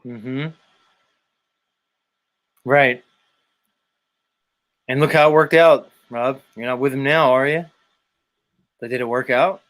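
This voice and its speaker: A man's voice: mid-range voice, fairly even intonation, slow, long pauses, fairly bright tone. Blunt man lecturing on a stream. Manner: blunt, repetitive, emphatic lecturing. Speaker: show host. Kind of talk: casual live-stream chat reading viewer comments.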